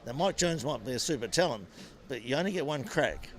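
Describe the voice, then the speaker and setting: Older Kiwi ex-racer telling stories. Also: male voice, medium pitch, brisk. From New Zealand. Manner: animated anecdotes with frequent restarts. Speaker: former motorcycle racer and businessman. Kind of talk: interview, storytelling.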